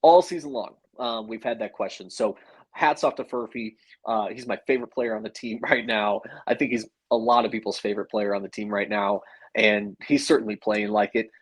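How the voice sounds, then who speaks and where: Husky-voiced co-host, eager. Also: male voice, lowish voice, steady tone, brisk, rough recording. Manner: enthusiastic, laughing easily, with fillers. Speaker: sports podcast co-host. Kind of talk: casual sports podcast chat.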